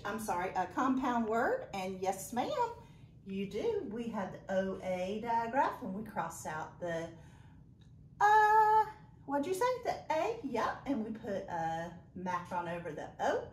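A woman's voice: medium pitch, echoey room, slight background noise. A woman teaching a phonics lesson on video, encouraging and praising students by name as she spells words out letter by letter. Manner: slow, deliberate letter-by-letter spelling.

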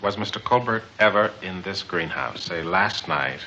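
A male actor in a classic film scene, asking measured questions, heard from an old soundtrack. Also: low voice, highs cut off, very noisy.

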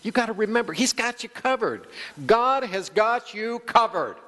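A man's voice: high-pitched, expressive, normal speed, bright, forceful tone. A male pastor preaching a sermon, calling out to the congregation and acting out quoted voices. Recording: long church hall reverb.

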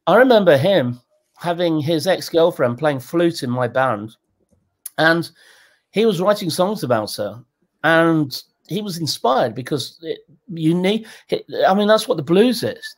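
Animated man in his sixties. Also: unhurried. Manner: animated, jumps in pitch, acts out quotes. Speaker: guest. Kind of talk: candid storytelling in a conversational interview.

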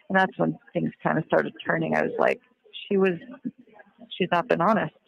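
A woman's voice: low-pitched, fairly even intonation, brisk, creaky, rough recording. A woman on a recorded call, talking earnestly and reflectively, often trailing off as she searches for words. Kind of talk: reflective conversation.

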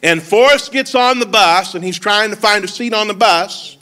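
Pastor guy preaching in church, kinda high voice, bright and punchy, jokes around and gets the crowd saying amen. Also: normal speed. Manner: lively preaching with call-and-response to the congregation; humorous storytelling asides. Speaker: lead pastor. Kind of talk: sermon. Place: church service.

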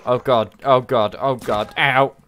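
A man's voice: medium pitch, fairly even intonation, slow pace, a bit bright. A man streaming a game, chatting playfully with friends and his chat, humming along. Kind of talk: casual gaming livestream chat.

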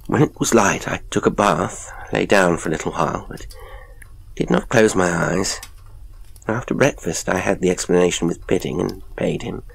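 A man's voice: sits low, creaky, slightly rough, exaggerated voice. A man voicing a shaken, proud male professor who is confessing his terror, in a horror audiobook reading. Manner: agitated, heightened, rising to cries.

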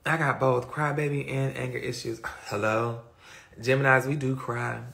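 A man's voice: mid-range voice, little pitch movement, moderate pace, gravelly, bright, forceful tone. A man hosting a livestream rant, blunt and profane, reading chat comments aloud between points, speaking into a phone. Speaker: livestream host.

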